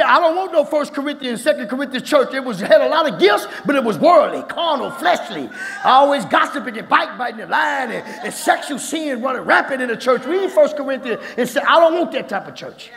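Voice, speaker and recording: Fervent high-voiced preacher, gravelly and husky. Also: male voice, animated, a little fast, a faint crowd, a little hiss or hum. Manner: fervent, repetitive, peppered with "my God", rises to shouting. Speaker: pastor. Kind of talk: sermon. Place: church sanctuary. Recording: echoey church hall with long reverb.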